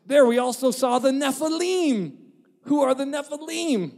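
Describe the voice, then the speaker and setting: A man preaching a sermon in an animated, joking way, acting out quotes and laughing at his own jokes. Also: very high voice, a little slow, gravelly. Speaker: pastor. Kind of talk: lively sermon. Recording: long reverb of a large hall.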